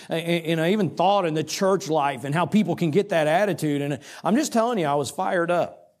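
A middle-aged man preaching, telling a story about himself in an animated, self-mocking way with quoted asides. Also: on the high side, fairly quick. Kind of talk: storytelling sermon.

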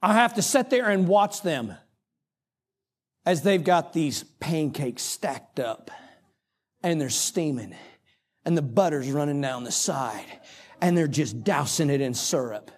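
A middle-aged man preaching, telling a story about himself in an animated, self-mocking way with quoted asides. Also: on the high side, a little slow, pauses often, slightly rough. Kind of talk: storytelling sermon.

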